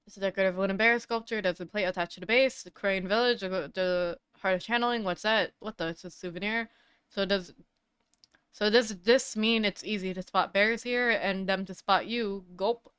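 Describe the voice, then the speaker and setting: A woman streamer reads a game's text aloud in a casual voice, dropping wry asides between the lines. Her tone is very smooth and clean, and the sound is dry and close, as if she is right at the mic. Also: mid-range voice, moderate pace, a bit bright, no room sound. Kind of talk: reading game dialogue aloud with asides.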